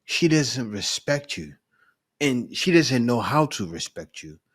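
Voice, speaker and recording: A man hosting a reaction commentary, pausing clips to lecture emphatically about relationships. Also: mid-range voice, very animated, slightly rough.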